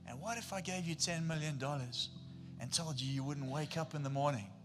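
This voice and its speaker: A man's voice: a little high, fairly quick, natural voice. A man voicing a wealthy male life coach who presses with pointed, repeated questions. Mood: grave. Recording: long hall reverb with faint music.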